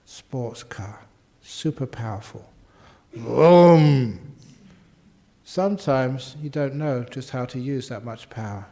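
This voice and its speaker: A man's voice: medium pitch, a little slow, hardly any pauses, a little mellow. An older man, a Buddhist monk answering questions in a humorous dharma talk, playfully acting out quotes and sound effects.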